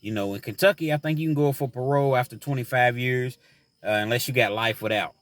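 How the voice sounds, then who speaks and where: A man's voice: mid-range voice, fast, fairly bright tone, no echo. A man telling a personal story about his time in prison, earnest and reflective, full of "you know" fillers, then turning to advice for young men.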